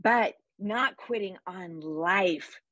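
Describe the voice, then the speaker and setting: A woman guest on a podcast interview, talking in an energetic, emphatic, plainspoken way with vivid sayings. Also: lowish voice, extremely slow, no room sound, lo-fi sound. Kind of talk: conversational interview.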